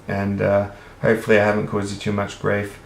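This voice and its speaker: A man's voice: fairly low pitch, completely flat delivery, fairly quick, gravelly, a little hiss or hum. A man with an Australian accent who talks to the camera in an earnest, rambling monologue and swears casually. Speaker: vlogger. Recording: roomy echo.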